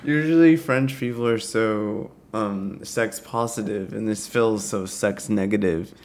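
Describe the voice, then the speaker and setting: A man's voice: on the low side, measured pace, a little mellow, slight background noise. A man co-hosting a podcast, chatting casually about music with hesitant, laughing, self-correcting talk. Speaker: podcast co-host.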